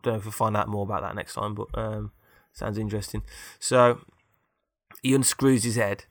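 A man's voice: fairly low pitch, steady tone, normal speed, no echo, clean studio sound. A man casually improvising a story, rambling with fillers and tag questions.

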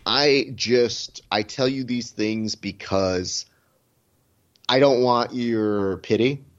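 A man's voice: medium pitch, takes it slowly, highs cut off. A man hosting a podcast in casual chat, sarcastic and joking with rambling asides. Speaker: podcast host.

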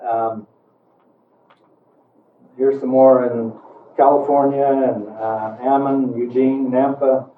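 A man's voice: medium pitch, level tone, slow, pauses often, faint music behind. Older man, folksy storyteller, distant tinny mic in an echoey hall. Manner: folksy, rambling, with chuckles. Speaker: speaker giving a talk. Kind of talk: storytelling to an audience.

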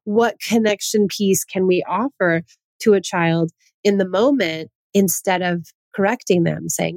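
A woman's voice: on the low side, measured pace, a little mellow, dry recording. A woman hosting a parenting talk, earnest and full of rhetorical questions, often restarting her sentences. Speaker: parenting podcast host. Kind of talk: casual advice talk.

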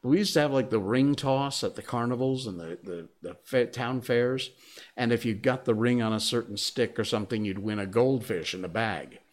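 A man's voice: mid-range voice, normal speed. Guy streaming from his desk at home, rambly, laughs a lot, tells little stories. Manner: rambling, chuckling, anecdotal. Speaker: live streamer. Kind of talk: casual chat to a live stream audience. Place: home desk with a squeaky chair. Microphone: desk microphone.

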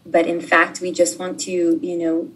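A woman speaking as a life coach in a relaxed interview, gentle and soothing, often acting out sample dialogues. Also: lowish voice, unhurried, husky, distant mic, poor audio.

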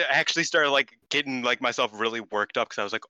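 A man on a casual podcast, talking in an excitable, restless way and swearing freely. His voice is very bright and forward, recorded dry and close with no room sound. He trips over his words and restarts often. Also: mid-range voice, fast, no room sound. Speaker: podcast co-host. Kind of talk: casual chat.

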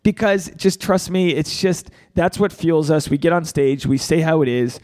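A man's voice: fairly high pitch, moderate pace, a little mellow. A man hosting a podcast, talking candidly and animatedly, swearing freely and acting out quotes. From Rhode Island. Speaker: podcast host, standup comedian.

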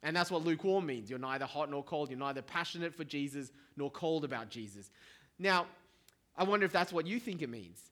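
Aussie pastor guy, kinda high voice, chatty sermon with asides to the crowd. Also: fairly quick. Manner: conversational, animated storytelling with asides to the congregation.

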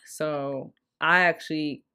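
A young woman with a fairly low voice retells a date in loose, slangy talk. She is animated and quick to laugh, co-hosting a casual podcast. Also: clear, resonant tone. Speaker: podcast co-host. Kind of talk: casual storytelling chat.

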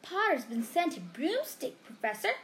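A woman voicing a spiteful, jealous schoolboy bully in a storybook reading, sneering and loud. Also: very high voice, huge pitch swings, moderate pace, a little hiss or hum, full character voice.

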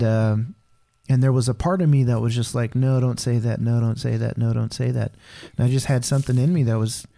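A candid man talks through his thoughts on a podcast in a mellow, warm voice. He rambles and leans heavily on casual fillers. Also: medium pitch. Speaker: podcast co-host. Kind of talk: casual faith conversation.

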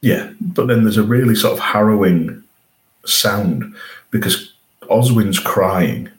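Slow-paced and on the low side, a male co-host eagerly talks through a TV episode in a casual podcast review, often starting sentences over. The audio is poor.

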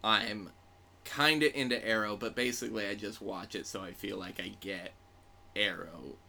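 A man's voice: lowish voice, moderate pace, creaky. A man chatting casually and playfully about comic books as a podcast host. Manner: playful, jokey, animated.

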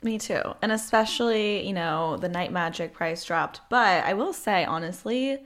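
A woman's voice: on the low side, normal speed, fairly bright tone. A young woman co-hosting a podcast, chatting casually and reading an ad in an upbeat, filler-heavy way. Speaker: podcast co-host. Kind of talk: casual podcast chat and ad read.

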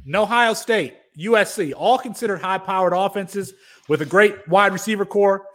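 High-voiced man hosting a sports podcast. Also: normal speed, fairly bright tone. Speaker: podcast co-host. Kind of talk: casual sports podcast chat with mock courtroom bits.

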